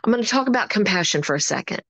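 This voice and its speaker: A woman coaching a group in an upbeat, preachy way, acting out the people she quotes. Her voice sits at an ordinary pitch and the recording is dry and close. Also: lively intonation, very fast, fairly bright tone, no echo. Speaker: motivational coach. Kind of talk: motivational talk. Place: online meeting.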